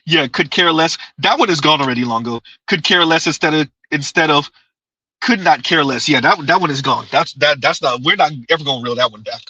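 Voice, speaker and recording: Chatty, bright-voiced man on a livestream. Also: on the high side, brisk, slightly rough, no echo, muffled recording. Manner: rambling, repeats himself, laughs often. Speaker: livestream host. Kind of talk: casual live chat reading comments.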